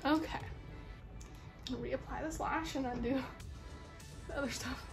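A woman's voice: high-pitched, steady tone, measured pace, gravelly, over music. A young woman with a sick, stuffy voice, chatting casually while doing her makeup. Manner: chatty, self-deprecating, rambling. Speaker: beauty vlogger. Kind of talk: casual makeup tutorial chat.

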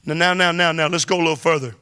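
High bright-voiced preaching man. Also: steady tone, racing, smooth. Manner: preaching with rising emphatic bursts and exclamations. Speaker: pastor. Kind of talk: sermon. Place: church hall.

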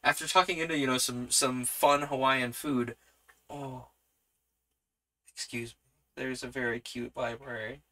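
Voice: mid-range voice, steady tone, normal speed, few pauses, pushed and bright. A streamer narrating a solo tabletop superhero story, rambling with many fillers. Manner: rambling, many fillers, laughs at own choices.

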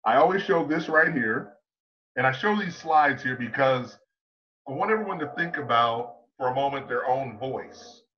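A man coaching on public speaking in an online conference talk, emphatic and full of rhetorical questions, slowing down to stress key points. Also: medium pitch, lively intonation, muffled recording.

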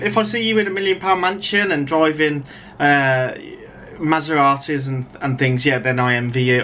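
A man's voice: mid-range voice, a bit bright, slight background noise. Exasperated sarcastic English man ranting. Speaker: writer vlogger. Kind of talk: ranting video commentary.

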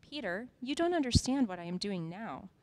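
A woman reading the part of a gentle male spiritual teacher aloud to children, in a soft, simple storybook manner. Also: medium pitch, big pitch swings, normal speed, natural voice. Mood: gentle, solemn.

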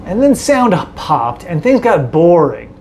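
A man chatting on a movie podcast with a lively, jumpy voice that swings up and down. He is jokey and acts out scenes. A faint hiss sits under the recording. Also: sits high, a little slow, vocal fry. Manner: animated, jokey, acts out silly bits. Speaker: podcast co-host. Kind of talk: casual movie review chat.

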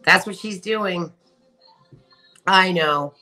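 A woman hosting a casual livestream, chatting warmly and reading viewer comments aloud with frequent laughter. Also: on the low side, very slow, soft background music. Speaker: livestream host.

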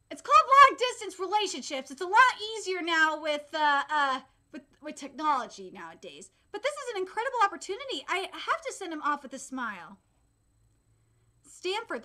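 A woman in her late twenties reading a manga chapter aloud and reacting live as a streamer, excitable, shouting and swearing when thrilled, and often stumbling and correcting herself mid-sentence. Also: high voice, normal speed. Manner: reads aloud with frequent slips and self-corrections.

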